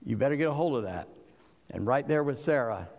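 A man's voice: medium pitch, lively intonation, fairly quick, darkish tone, long reverb tail, muffled recording. A man preaching a sermon with emphatic delivery, voicing figures from scripture as he goes. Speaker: pastor.

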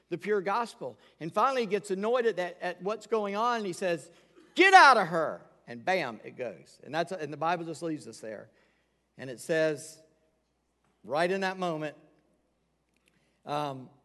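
A man preaching a sermon in a church sanctuary, with a fairly high voice. He talks frankly and presses his points with emphasis. A long reverb rings around every phrase. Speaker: pastor.

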